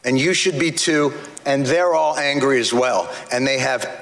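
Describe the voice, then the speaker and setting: A man's voice: medium pitch, normal speed. Angry man testifying in an echoey hall. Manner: angry, forceful, cutting. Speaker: advocate testifying before a legislative hearing. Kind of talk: impassioned public testimony. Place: large hearing room. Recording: roomy hall echo.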